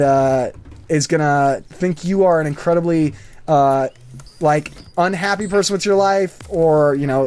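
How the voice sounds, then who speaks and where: Animated rambling man telling stories. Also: fairly high pitch. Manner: rambling, animated storytelling with many fillers. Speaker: gaming channel host. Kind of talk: casual commentary over gameplay.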